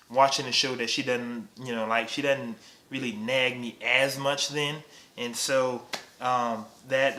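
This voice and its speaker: A man in his thirties talks casually with his wife, teasing her and laughing between lines. His voice has a bright, forward tone. The room around him is roomy and echoey. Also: mid-range voice. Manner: teasing, playful, full of laughs and filler words. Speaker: husband on a couples channel. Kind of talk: casual couple chat.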